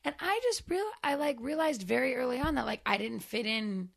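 A woman's voice: sits high, expressive, a little fast, creaky. A woman co-hosting a podcast in casual chat, hesitant and wry, often restarting. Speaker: podcast co-host.

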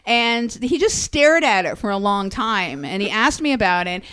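A woman in her forties telling a story with excited, animated energy in casual chat. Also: mid-range voice, moderate pace, smooth.

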